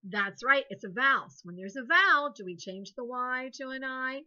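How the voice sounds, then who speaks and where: Playful teacher. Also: female voice, high voice, moderate pace, highs cut off. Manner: playful, animated, expressive teacher talk. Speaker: second grade teacher. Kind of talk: recorded phonics lesson for young children.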